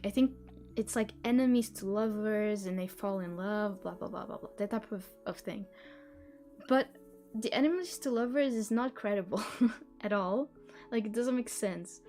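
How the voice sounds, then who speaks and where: A young woman hosting reading sprints on a live stream chats casually, rambling and giggling, with lots of restarts. Her voice is on the high side and a little mellow.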